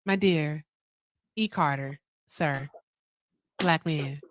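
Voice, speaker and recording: A woman hosting a casual live-stream debate, blunt and lively, laughing often and urging viewers on. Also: low-pitched, extremely slow, dry recording. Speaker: livestream host.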